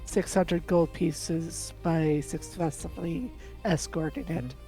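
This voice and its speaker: A woman's voice: low-pitched, fairly even intonation, slow pace, dark tone, faint music behind, rough recording. Woman player summing up a quest. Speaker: tabletop game player. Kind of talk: casual play session talk.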